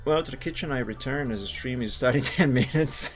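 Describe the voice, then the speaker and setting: A man's voice: mid-range voice, animated, moderate pace, faint music behind. A man chatting casually on a livestream, talkative and self-mocking, often restarting his sentences. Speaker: art streamer.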